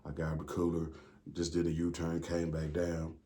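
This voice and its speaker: A man's voice: very deep voice, completely flat delivery, moderate pace, dark tone. A man telling a prison story in a casual, rambling monologue, full of slang and swearing. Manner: slangy, profane, rambling with fillers.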